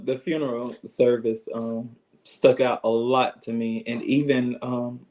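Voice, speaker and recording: Slow-talking Alabama man, earnest. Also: mid-range voice, a little mellow, low-quality recording. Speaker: guest, businessman in funeral service. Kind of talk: interview answers.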